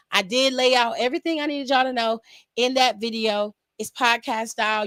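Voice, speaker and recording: A young woman hosting a casual live stream from home, chatting with her viewers and laughing often. Her voice sits fairly high. The sound is close and dry, with no room around it. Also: a bit bright, no echo. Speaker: wrestling aftershow streamer.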